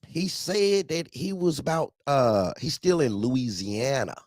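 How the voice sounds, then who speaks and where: A man's voice: mid-range voice, lively intonation, unhurried, a little mellow, dry recording, studio quality, pitched above the performer's own voice, lightly acted. A man voicing a hesitant woman making excuses for her husband.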